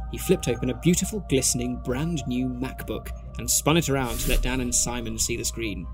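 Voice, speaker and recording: A man with a mid-pitched voice reads a comedy fan-fiction story aloud for a podcast. His delivery is playful, and he breaks off to laugh at his own puns. Faint music sits quietly behind him. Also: fairly quick, hardly any pauses. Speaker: podcast co-host.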